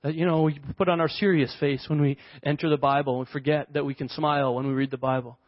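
High-voiced pastor preaching animatedly. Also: male voice, fast talker, no room sound. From Canada. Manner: animated, conversational preaching with playful asides. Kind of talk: sermon. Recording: dry, dull lo-fi sound.

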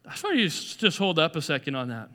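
A man's voice: fairly high pitch, fast. A man preaching a sermon in a conversational way, often restarting and repeating words. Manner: conversational, animated, acts out quoted voices. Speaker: pastor. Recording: echoey hall.

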